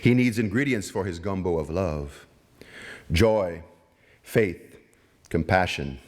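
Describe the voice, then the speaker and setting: Cajun guy on a festival stage, reading his book slow and rhythmic then chatting, lowish voice. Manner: measured, rhythmic recitation. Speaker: author reading his work. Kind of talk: poetic reading and casual stage talk. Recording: long hall reverb.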